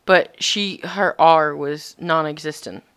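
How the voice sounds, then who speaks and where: A young woman chatting casually as a vlog co-host, giggly and animated as she tells stories. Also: sits low, takes it slowly, clean tone. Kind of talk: casual chat.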